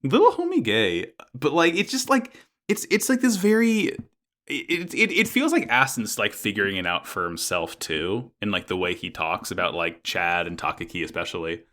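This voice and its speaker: Lively, bright-voiced man co-hosting. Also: fairly low pitch. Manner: halting, repeats words, animated. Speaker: podcast co-host. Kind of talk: casual anime discussion podcast.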